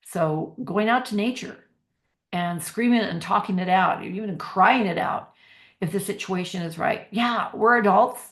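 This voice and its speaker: A middle-aged woman giving a motivational workshop talk as a parenting coach, energetic and slowing down to stress key phrases. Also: mid-range voice.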